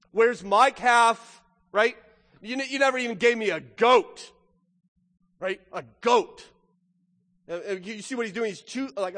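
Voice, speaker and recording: A man preaching a sermon in a church, animated, swinging from loud to hushed and acting out the lines he quotes. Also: high-pitched. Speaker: pastor. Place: church sanctuary. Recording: long hall reverb.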